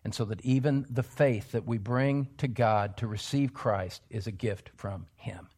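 A male pastor preaching an expository sermon in a church, emphatic, dropping to hushed asides and rising to loud exclamations. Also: on the low side, unhurried, husky.

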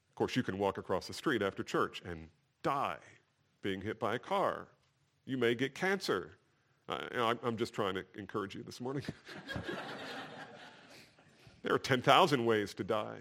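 A man's voice: medium pitch, fairly bright tone. A male pastor gives a morning sermon. He reads verses aloud with building fervor and drops into a plain, conversational tone to explain them.

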